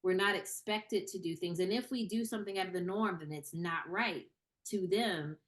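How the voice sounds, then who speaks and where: Casting: young woman guest, casual and animated, lots of "you know". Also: lowish voice, moderate pace. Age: young adult. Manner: animated, many fillers and repeated starts. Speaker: screenwriter and actor, interview guest. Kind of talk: casual interview conversation.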